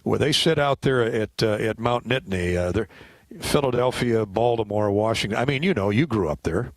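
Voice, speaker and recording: A man hosting a sports radio show speaks in a low voice, close to the mic in a dry, deadened studio. He chats along in a halting way, pausing often on "uh" before he lands his questions. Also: no echo. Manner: chatty, halting, with frequent fillers. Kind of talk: casual radio interview.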